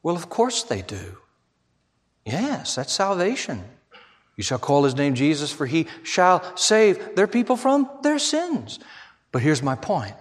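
A man preaching a sermon as pastor, swinging between shouted passages and hushed, near-whispered ones. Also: a little high, huge pitch swings, slow pace.

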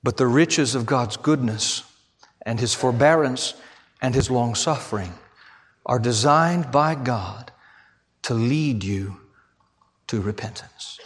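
A man preaching a sermon as pastor, swinging between shouted passages and hushed, near-whispered ones. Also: medium pitch, slow, long pauses.

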